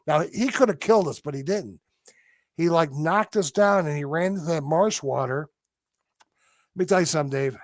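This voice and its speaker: A man's voice: a little high, normal speed, no room sound, clean studio sound. A man on a podcast telling a story vividly as a guest, imitating the sounds he describes.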